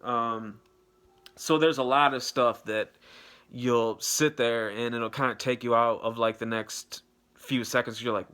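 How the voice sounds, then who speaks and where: A young man talks loosely about a film he just watched, peppering it with curses and fillers. His voice sits at an ordinary middle pitch. It sounds like an offhand vlog review. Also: fairly even intonation, measured pace, pushed and bright, clean tone. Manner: rambling, profane, loose and unscripted. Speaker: movie reviewer. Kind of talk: casual spoken movie review.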